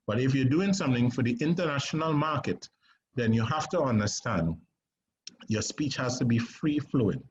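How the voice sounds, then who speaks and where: A man's voice: mid-range voice, expressive, a little mellow, dull audio, a little hiss or hum. Man teaching acting over a call. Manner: conversational, with emphatic pauses and checks for understanding. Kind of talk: online acting lesson.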